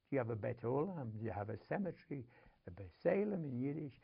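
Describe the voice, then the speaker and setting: A man's voice: mid-range voice, big pitch swings, fast talker, lo-fi sound. An older man from Manchester, England, telling a family story as an interview guest, emotional, swinging between whispers and urgent outbursts. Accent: Manchester English. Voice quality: gravelly, husky.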